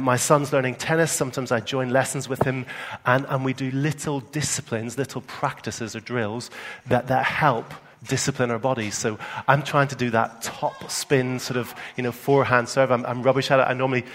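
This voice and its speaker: A man's voice: mid-range voice, a bit bright, long reverb tail. A man with a Northern Irish accent preaching a sermon in a conversational way, often repeating words as he starts a phrase. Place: church hall in England.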